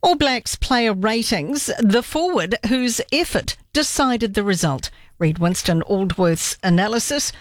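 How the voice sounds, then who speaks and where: A woman reading a radio news bulletin, measured and crisp. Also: medium pitch, animated, no room sound, studio quality. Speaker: newsreader.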